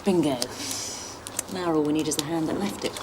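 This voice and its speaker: A woman's voice: deep voice, steady tone, a little fast, heavy background noise, lightly acted. A woman playing a methodical crime-scene officer. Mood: focused. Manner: matter-of-fact. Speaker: fingerprint officer. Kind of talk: 1990 television police drama acting.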